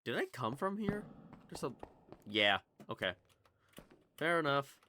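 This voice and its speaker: A man's voice: a little high, big pitch swings, a little slow, sharp tone, slight background noise. A young man with a slight Southern US accent from Kentucky, rambling and swearing through casual gameplay commentary. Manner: rambling, swearing, jumpy, chatty. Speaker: gaming YouTuber.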